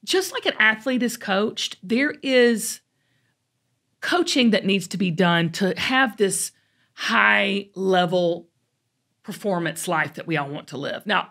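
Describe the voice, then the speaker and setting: A woman's voice: medium pitch, expressive, fairly bright tone. A middle-aged woman with a Southern US accent hosts a talk show and tells folksy stories in a chatty way. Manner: chatty, folksy storytelling with drawn-out emphasis. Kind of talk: casual chat.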